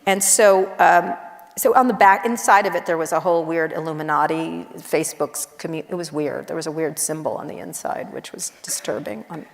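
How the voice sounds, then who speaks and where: A middle-aged woman journalist chatting casually on stage, blunt and wry, telling quick animated stories with asides. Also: deep voice, gravelly. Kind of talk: casual onstage conversation. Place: large university auditorium. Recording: long auditorium reverb.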